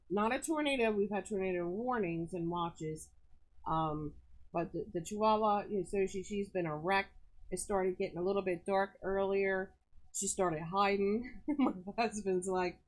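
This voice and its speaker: A woman hosting a live sales stream from her rural home, chatting in a rambling, excitable way with big jumps in pitch. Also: poor audio.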